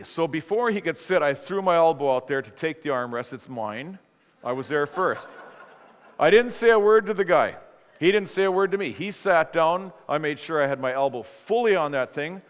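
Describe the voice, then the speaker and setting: Animated man telling a story in a reverberant hall. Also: a little high. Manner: animated, conversational storyteller acting out dialogue. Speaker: preacher. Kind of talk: storytelling sermon.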